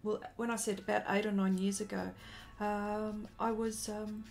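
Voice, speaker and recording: A woman's voice: medium pitch, little pitch movement, moderate pace, vocal fry, a little mellow, faint music behind. A woman in her forties telling a rambling story during a casual live stream as an artist and host, breaking off to greet viewers.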